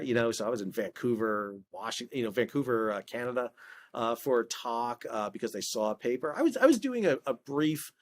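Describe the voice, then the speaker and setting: His voice is mid-range, with slight background noise behind it. A middle-aged ex-ship officer, maritime expert and video creator, he tells stories as an interview guest in a casual setting, animated, often starting over and voicing quoted lines.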